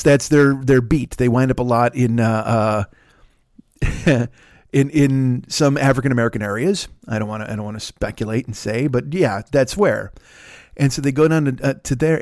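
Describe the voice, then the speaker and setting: A middle-aged man with a Chicago accent telling a profane, animated story in casual chat, swearing often and laughing between lines. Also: mid-range voice, no room sound, studio quality. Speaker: podcast host.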